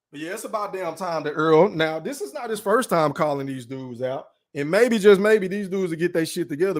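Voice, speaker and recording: A man's voice: fairly high pitch, no room sound, studio quality. A man hosting his own podcast livestream, talking in a blunt, profane casual rant from his room and tagging his points with "right?". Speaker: podcast host.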